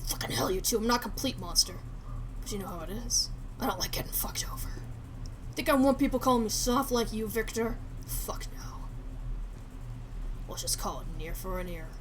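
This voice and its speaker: Sex: male figure voiced by a woman. Figure: Leroy, menacing gangster. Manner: low growled threats. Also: lively intonation, moderate pace, pauses often, a little hiss or hum, close to an everyday voice.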